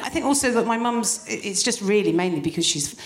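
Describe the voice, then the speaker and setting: Animated woman doing live stand-up. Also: medium pitch, fast. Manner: animated, acts out mock quotes, laughs often. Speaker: co-host and stand-up comedian. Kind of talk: stand-up comedy and casual chat. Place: live stage before an audience. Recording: echoey live venue with loud noise.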